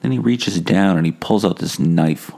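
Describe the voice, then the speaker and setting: A man's voice: low-pitched, normal speed, vocal fry, darkish tone. A man hosting a podcast on his own, rambling and swearing as he tells a story and mocks himself. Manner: rambling, profane, self-mocking. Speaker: podcast host.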